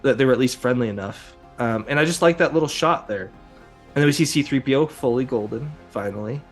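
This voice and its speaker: A man's voice: mid-range voice, fairly quick, soft background music. A man hosting a casual podcast, rambling with lots of fillers and chuckles. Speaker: podcast host. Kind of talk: casual chat.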